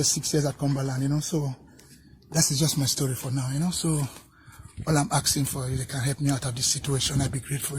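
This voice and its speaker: A man's voice: on the high side, a little mellow, slight background noise, poor audio. A man speaking earnestly outdoors, explaining his hardship and asking for help, with "you know" after nearly every phrase. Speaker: interviewee. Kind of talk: pleading personal appeal.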